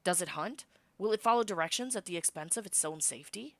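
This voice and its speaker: A woman voicing a calm, icy male security chief with a measured delivery. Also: mid-range voice, no room sound, pitched above the performer's own voice. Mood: impressed. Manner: cool and measured.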